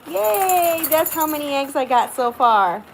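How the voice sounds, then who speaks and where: A woman's voice: high voice, moderate pace, background noise. Chatty woman on a livestream. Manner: chatty and upbeat, talks straight to viewers. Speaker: crafts livestreamer. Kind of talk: casual live-stream chat. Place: home, walking outdoors to a chicken coop.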